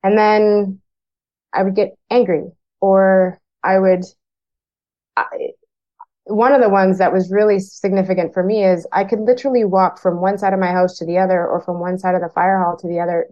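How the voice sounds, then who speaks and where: A woman's voice: mid-range voice, fairly even intonation, fairly quick, lo-fi sound. A woman from Canada who works as a firefighter, telling her story frankly and plainly, acting out remembered conversations. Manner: frank, plain-spoken, acts out remembered dialogue. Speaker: firefighter guest. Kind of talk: candid personal storytelling.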